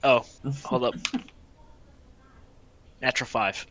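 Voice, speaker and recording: A woman's voice: extremely low pitch, steady tone, slow, a bit bright. A woman playing in a tabletop game, playful and laughing as she talks. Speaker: player.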